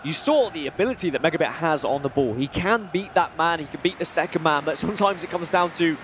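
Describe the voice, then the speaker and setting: A man with a high voice breaks down an esports football match, chatty and explanatory. Faint noise sits behind the recording. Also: expressive, quick pace. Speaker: esports analyst. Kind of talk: colour commentary.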